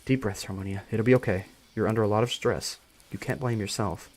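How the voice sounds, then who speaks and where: A calm young man speaks softly and reassuringly, talking someone down from a panic, read by a man in his own low voice. The delivery is steady and kind. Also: brisk, natural voice. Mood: soothing. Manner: soothing, reassuring. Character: calm, gentle young man comforting a friend.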